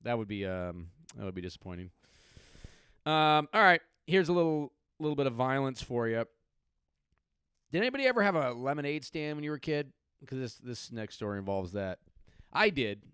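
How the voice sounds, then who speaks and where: A man's voice: medium pitch, big pitch swings, normal speed, fairly bright tone, clean tone, dry recording, studio quality. A man from California doing a comedic podcast monologue, rambling and sardonic, with lots of swearing. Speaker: podcast host.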